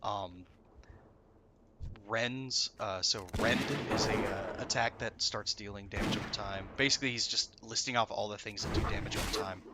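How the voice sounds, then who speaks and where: A man's voice: fairly low pitch, steady tone, moderate pace, very noisy. A man telling a story in casual chat, rambling with many fillers.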